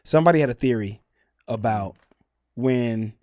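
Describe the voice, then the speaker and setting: A man co-hosting a chatty podcast, telling stories with animated exclamations. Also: mid-range voice, normal speed, dry recording, studio quality. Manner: animated storyteller with excited exclamations. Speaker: podcast co-host. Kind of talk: casual chat.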